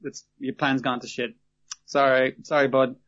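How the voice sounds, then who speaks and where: A man's voice: medium pitch, level tone, normal speed, fairly bright tone, highs cut off, close to an everyday voice. A man voicing an offhand male pirate rival who shrugs off bad news.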